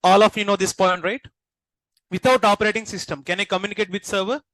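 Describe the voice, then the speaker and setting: A man, lecturing a class as instructor and constantly checking understanding with quick questions. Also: high voice, fairly even intonation, a bit bright, no room sound, low-quality recording.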